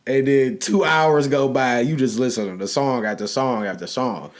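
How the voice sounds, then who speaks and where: A man's voice: mid-range voice, normal speed. A man co-hosting a podcast, playful and slangy, laughing easily as he talks. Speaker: podcast co-host. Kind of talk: casual chat.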